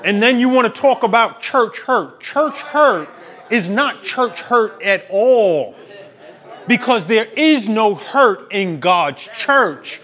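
High, lively, slow-preaching male pastor. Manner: emphatic, preachy, laughs at his own points. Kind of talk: sermon.

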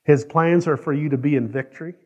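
Guy pastor preaching, slightly high voice, keeps asking the room stuff, sounds a bit muffled. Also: brisk, dark tone, long reverb tail. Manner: asks the congregation questions, acts out quoted prayers. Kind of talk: sermon. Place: church sanctuary.

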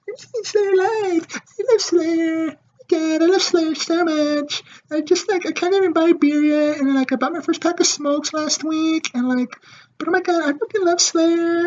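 A man's voice: darkish tone, lo-fi sound. Man faking a squealing teenage girl fan. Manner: squealing falsetto mockery. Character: shrill gushing teenage girl fan, phone-obsessed.

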